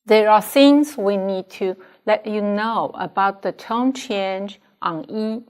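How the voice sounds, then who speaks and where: A Chinese language teacher, a woman whose first language is Chinese, gives slow, careful classroom instruction in a Chinese accent. Her mid-range voice is clear and resonant, and she speaks deliberately, modeling pronunciation for students to repeat.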